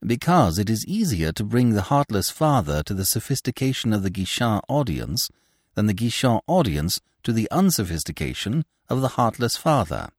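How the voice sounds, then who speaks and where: A man voicing a clever young gentleman who answers with cool, unruffled irony. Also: on the low side, very animated, moderate pace, dry recording, studio quality, voice pushed up. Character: clever young man, bland and quick-witted.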